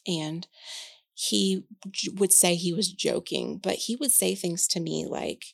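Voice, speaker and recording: In her forties, this podcast co-host chats candidly and frankly, thinking aloud, swearing freely and using lots of fillers. Her voice is fairly low, slow and creaky, recorded with no echo.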